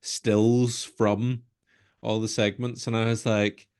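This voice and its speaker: A man with a Northern Irish accent co-hosts a casual horror podcast, rambling and frequently murmuring agreement. He speaks slowly in a fairly low, level voice that is a little mellow, clear, and resonant.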